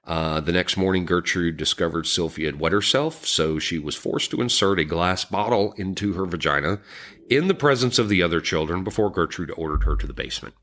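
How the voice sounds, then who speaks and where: A man co-hosting a podcast, recounting a true crime story in a somber, halting way, with frequent ums and restarts. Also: low-pitched, fairly bright tone. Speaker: podcast co-host.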